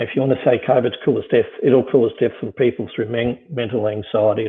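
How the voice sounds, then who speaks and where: A middle-aged man talking through business and leadership in a rambling way, full of "you know" and restarts. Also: medium pitch. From Australia. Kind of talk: casual conversation. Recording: tinny phone-like line.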